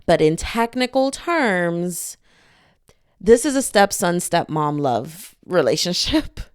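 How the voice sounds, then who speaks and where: A woman hosting her own podcast, chatting casually and excitedly about a book she loves. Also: fairly low pitch, slow, smooth, no room sound, studio quality. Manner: animated, gushing, laughs often. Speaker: podcast host.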